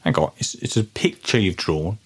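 A man hosting a comic podcast, talking in a deadpan, hesitant, rambling way. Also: low-pitched, normal speed, heavy background noise. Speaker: podcast host.

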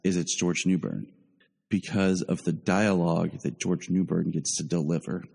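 A deep-voiced man hosting a casual podcast, talking through his opinions with easy repeats. His tone is dark and mellow. The voice carries a long reverb tail, as if recorded in a big room. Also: steady tone, normal speed, creaky, breathy edge. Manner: opinionated, thinks aloud with repeats. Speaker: podcast host.

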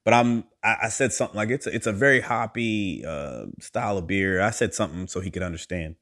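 Male podcast host, low register, casual storyteller who acts out the quotes. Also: a little fast. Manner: animated, acts out quoted voices with big pitch jumps.

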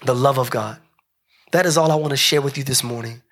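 A man preaching a sermon as pastor, building rhythmic repeated phrases and dropping soft and low for emphasis. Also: a little fast.

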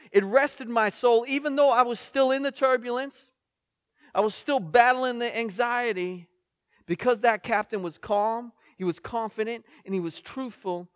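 A man's voice: high-pitched, dry recording. A male pastor in his forties, reading scripture and telling a story in a sermon with mounting intensity. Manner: storytelling preacher, rising in intensity.

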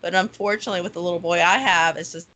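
A woman's voice: on the low side, fairly even intonation, racing, bright, forceful tone. A woman talking candidly and earnestly in a casual podcast chat.

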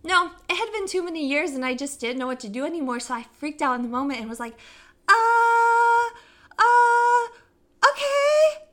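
A woman's voice: very fast, hardly any pauses. A young woman who grew up in Africa, telling a story in casual chat and acting out quotes in a squealing voice. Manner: animated, acts out quotes in a squealing high voice. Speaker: podcast co-host telling a story.

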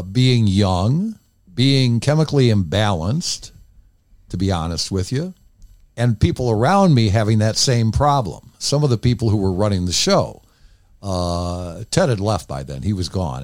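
A man's voice: on the low side, a little mellow, no room sound, clean studio sound. An older man, a former radio DJ, tells candid stories in a casual interview and rambles into many asides.

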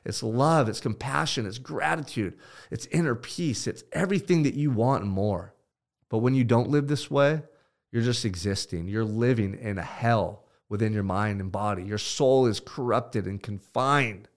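A man delivers a motivational pep talk as a podcast host, at a mid-range pitch. He talks with intensity and emphasis, punching some phrases hard and dropping others to a quiet, heavy hush. His delivery is blunt and unfiltered, with swearing. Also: normal speed. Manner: intense and emphatic, swinging from loud pushes to low hushed stretches.

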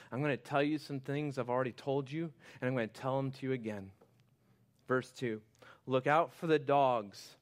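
Preaching a sermon to his church, a pastor with a medium-pitched voice speaks passionately. He shifts between quiet, intimate moments and loud, fervent exhortation.

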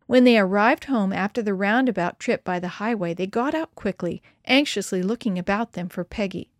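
A woman's voice: mid-range voice, normal speed, no room sound. Woman reading a story, dry and close. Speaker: narrator.

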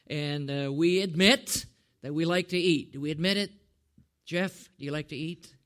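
A male preacher speaks in a high, lively voice. He keeps asking the congregation rhetorical questions, chuckles often and calls on people by name. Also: normal speed. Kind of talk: sermon.

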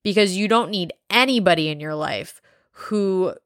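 A woman hosting a casual solo podcast, talking bluntly with lots of swearing and rambling asides while high. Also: moderate pace, no echo, studio quality. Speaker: podcast host.

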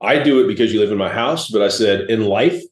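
A man's voice: fairly low pitch, a little fast, roomy sound. A man in his forties, a guest entrepreneur telling blunt, laid-back stories in a casual interview.

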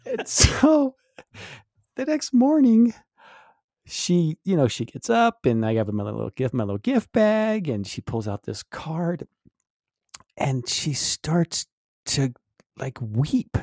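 Man in his fifties, gravelly voice, low pitch, dry close sound, animated podcast storyteller. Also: takes it slowly, pauses often, no echo. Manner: animated storyteller, laughs often. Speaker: podcast co-host. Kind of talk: casual chat.

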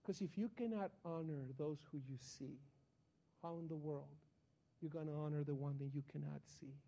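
A man voicing a calm, gentle male pastor who gives counsel in a soft-spoken, measured way. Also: on the high side, gravelly, muffled recording, voice pushed down. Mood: gentle, grave.

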